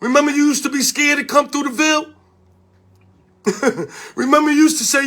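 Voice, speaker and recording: A man's voice: very high-pitched, normal speed, long pauses, pushed and bright. A man from Connecticut who posts videos and organizes in his community, delivering a heated, profane rant straight to the camera and hammering his points home with repeated rhetorical questions.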